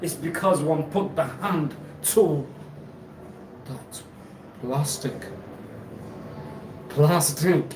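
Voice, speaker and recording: Male live-streamer, halting and repetitive, slightly high voice, recorded off-mic in a roomy, noisy space. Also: distant mic. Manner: halting, repeats himself, laughs often. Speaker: livestream host. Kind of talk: rambling live-stream talk. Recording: echoey room, off-mic, noisy ambience.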